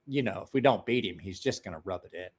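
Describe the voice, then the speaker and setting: A man voicing his gruff, scheming middle-aged rural father, giving sly, matter-of-fact advice. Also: low-pitched, expressive, fast talker, pitched below the performer's own voice.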